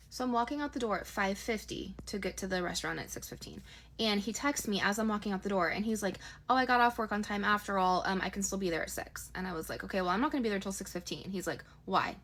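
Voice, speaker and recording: A woman tells a personal story in a casual, chatty storytime voice. She talks very quickly, at a middle pitch. She slips quoted dialogue into her narration in her own voice. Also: fairly bright tone.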